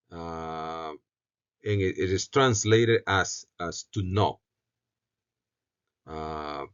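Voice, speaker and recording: A man teaching a Bible lesson on Greek syntax, talking haltingly, often restarting phrases and repeating words for stress. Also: fairly low pitch, lo-fi sound. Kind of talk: recorded Greek syntax lecture.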